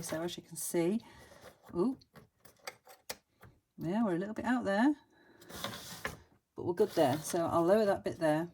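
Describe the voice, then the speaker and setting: Woman vlogger, low-pitched, chatty and gushing, faint background hiss. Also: darkish tone. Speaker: dolls house hobby vlogger. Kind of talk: casual crafting vlog narration.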